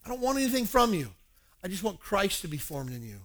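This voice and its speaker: A man's voice: on the high side, animated, fast, bright, forceful tone. A man voicing the apostle Paul in a sermon, fervent and pleading with his flock. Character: Apostle Paul, earnest, pleading spiritual father.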